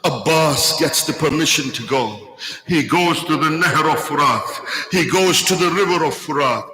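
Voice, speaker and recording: Bright-voiced man preaching a mourning sermon. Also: on the high side, rough recording. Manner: emotive storytelling, voicing quoted speech, drawn-out phrases. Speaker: speaker at a Muharram majlis. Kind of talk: sermon recounting a mourning narrative.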